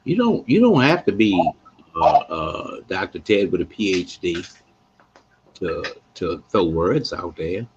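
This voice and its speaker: A man hosting a live podcast, talking in a playful, animated way with lots of asides to his listeners. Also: sits low, takes it slowly, dull audio, a little hiss or hum. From West Baltimore, USA. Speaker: podcast host.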